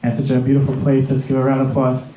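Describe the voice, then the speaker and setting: Man, event emcee, mellow tone, roomy echo, halting. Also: mid-range voice, monotone. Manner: halting, many fillers and restarts. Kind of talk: event announcements.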